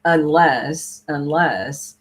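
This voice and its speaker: A woman's voice: low-pitched, extremely slow, husky. A woman co-hosting a chat show, speaking thoughtfully and laughing often. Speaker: podcast co-host. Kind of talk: casual chat.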